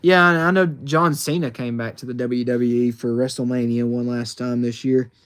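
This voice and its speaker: A man's voice: mid-range voice, steady tone, normal speed, fairly bright tone, smooth. A man from the United States streaming from his phone, reading chat questions aloud and answering in a chatty, rambling way with lots of fillers. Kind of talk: casual livestream chat.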